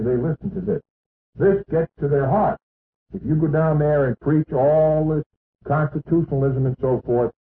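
A political speaker with a mid-range voice gives an emphatic, boastful rally speech to an audience in a meeting hall. The archival hall recording is tinny and echoey, with a little hiss or hum.

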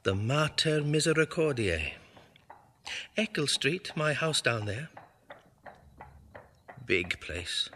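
A man's voice: fairly high pitch, sing-song, slow pace, pauses often, sharp tone, breathy edge, full character voice. An actor voicing a middle-aged man's inner monologue in clipped, murmured fragments of thought. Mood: musing. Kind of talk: audio drama inner monologue.

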